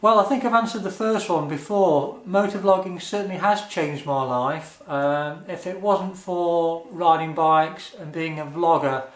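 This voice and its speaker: A man chats through viewer questions in an easygoing vlog, earnest and a little hesitant with frequent ums. His voice sits slightly high for a man. The sound bounces around an echoey room. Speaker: motovlogger answering viewer questions. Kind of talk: casual Q&A vlog.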